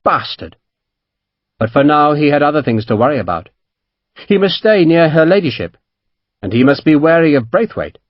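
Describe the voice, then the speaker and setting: A man narrating an audiobook in an expressive storytelling manner. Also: a little high, fairly quick, no room sound, dull audio. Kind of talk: scripted narration.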